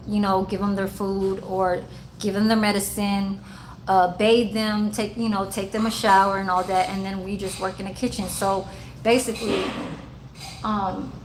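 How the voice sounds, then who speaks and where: A woman's voice: mid-range voice, a little hiss or hum, low-quality recording. A woman who works in a care-home kitchen, chatting loosely and rambling, with plenty of cussing. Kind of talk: casual vlog chat.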